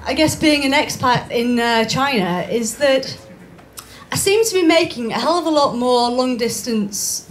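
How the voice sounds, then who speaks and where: A young woman performing live stand-up in a small bar, chatty and self-mocking with quick asides. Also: high-pitched, a little hiss or hum. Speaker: stand-up comedian. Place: small comedy bar stage.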